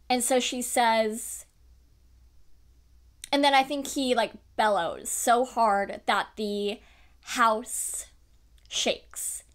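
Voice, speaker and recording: Young woman book vlogger, chatty, excitable, higher-pitched. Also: extremely slow, long pauses. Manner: animated, chatty, lots of fillers and laughs. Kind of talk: casual book review chat.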